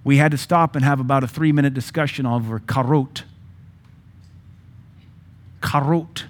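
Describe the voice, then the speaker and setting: A man preaching a sermon as pastor, emphatic and joking, with sudden louder bursts. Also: medium pitch, fast talker.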